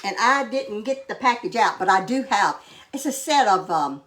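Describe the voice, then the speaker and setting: A woman's voice: medium pitch, expressive, moderate pace, a bit bright. Older woman chatting homey. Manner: homey, rambling with many fillers. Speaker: cooking show host. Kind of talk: casual cooking vlog chat.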